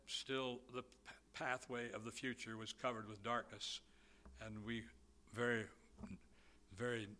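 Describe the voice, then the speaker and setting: A man preaching a sermon, slow and emphatic, with a volume that swells and drops. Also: medium pitch, bright, forceful tone.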